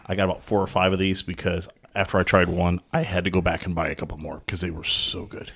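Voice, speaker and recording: A man's voice: sits low, little pitch movement, fast talker, fairly bright tone, breathy edge. A man in casual podcast chat, explaining in a knowing way. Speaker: podcast co-host. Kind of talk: casual chat over beer tasting.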